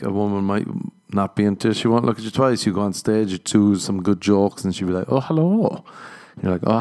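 A man with a fairly low voice talks straight to his listeners in a casual podcast monologue. He is a comedian, and he swears freely and chuckles at his own punchlines. He slips into other people's voices as he acts out his stories. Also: darkish tone, clean tone. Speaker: stand-up comedian and podcast host.

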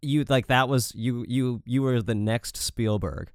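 Animated, swearing podcast co-host man. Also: mid-range voice, a little slow, clean tone, no room sound, clean studio sound. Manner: animated, swears a lot, acts out quotes. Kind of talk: casual chat.

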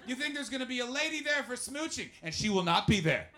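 High, bright-voiced man doing stand-up. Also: fast talker, few pauses. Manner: animated, swearing, jumps between shouting and muttering. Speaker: stand-up comedian. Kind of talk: stand-up crowd work. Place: live comedy venue with audience.

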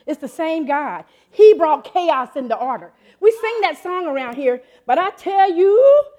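A woman in her fifties preaching a sermon in an animated, excitable way, often laughing and jumping up in pitch. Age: 50s.

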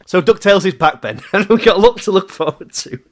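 A man hosting a casual chat podcast, animated and jokey, laughing often and leading into new topics. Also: high-pitched, quick pace. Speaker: podcast host.

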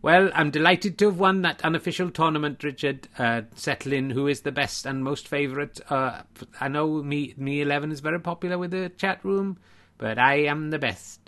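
A man's voice: fairly high pitch, moderate pace, few pauses, bright, forceful tone. A man doing a cocky sing-song Welshman. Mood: boastful. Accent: Welsh, put on. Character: boastful Welsh male alter ego.

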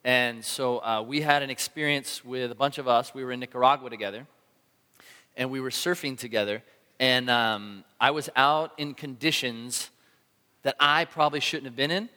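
Animated pastor in a reverberant hall. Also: male voice, mid-range voice, moderate pace, clear, resonant tone. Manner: animated storytelling, acting out his own shouts. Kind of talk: sermon.

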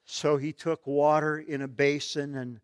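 Slow, solemn preacher man. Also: on the high side, flat delivery, clear, resonant tone, dry recording, clean studio sound. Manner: vivid, solemn, dramatic. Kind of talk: dramatic sermon storytelling.

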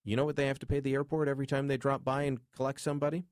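A man's voice: mid-range voice, little pitch movement, rapid-fire, no echo, studio quality. A man hosting a call-in radio talk show, chatting in a casual, opinionated way.

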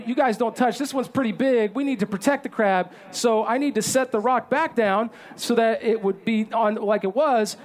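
A man in his thirties preaching a sermon as pastor, telling a self-deprecating story in an animated way. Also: extremely high pitch.

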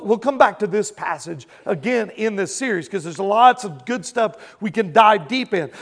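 Male pastor, high gravelly voice, chatty sermon full of rhetorical questions. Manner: conversational, asks and answers rhetorical questions.

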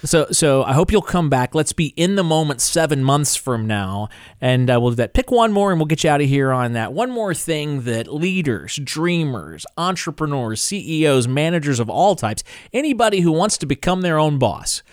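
A man's voice: a little high, big pitch swings, normal speed, dry recording. A man hosting a weekend radio talk show, speaking upbeat into a studio microphone as he wraps up the hour. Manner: upbeat, wrapping up with sign-offs. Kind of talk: radio interview.

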